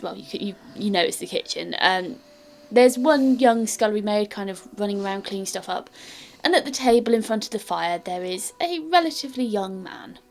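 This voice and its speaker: A woman's voice: medium pitch, expressive, normal speed, vocal fry, few pauses. British woman narrating a tabletop game. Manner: chatty, descriptive, with fillers. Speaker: game master.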